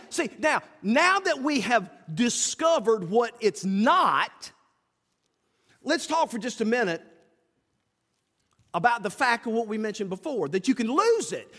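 A male pastor with a drawl preaches in a folksy, lively style, his fairly high voice leaping up and down in pitch. The sound carries a long church reverb. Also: slow. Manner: folksy, animated preaching with acted-out asides. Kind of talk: sermon. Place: church sanctuary.

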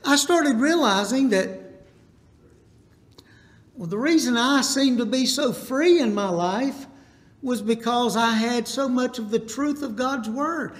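A man delivers a Baptist sermon in a notably high voice. He wanders through homespun stories, then stops to ask the congregation to repeat lines back to him. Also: slow. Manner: folksy, rambling, calls out for congregation responses. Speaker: Baptist preacher. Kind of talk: storytelling sermon.

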